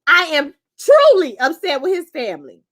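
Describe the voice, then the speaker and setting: A woman hosting a casual live review chat, animated and profane, acting out quotes in character voices. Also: high voice, normal speed. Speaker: show reviewer.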